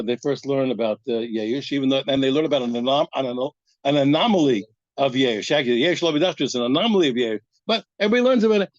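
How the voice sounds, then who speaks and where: A man teaching a daf yomi Talmud class, animated and emphatic, often repeating words as he builds his point. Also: fairly high pitch, dry recording. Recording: dull, lo-fi, dry.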